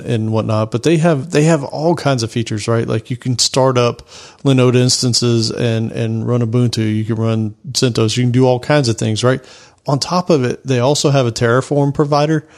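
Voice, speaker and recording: A man's voice: mid-range voice, normal speed, darkish tone. A man co-hosting a tech podcast, reading a sponsor spot in an enthusiastic, conversational way. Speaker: podcast co-host. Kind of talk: casual tech podcast ad read.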